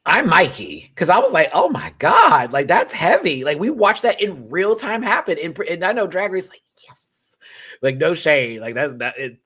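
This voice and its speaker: A young man hosting a live review chat, sassy and animated, laughing and then dropping to quiet asides. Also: on the high side, normal speed, slightly rough. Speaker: host reviewing a reality show live.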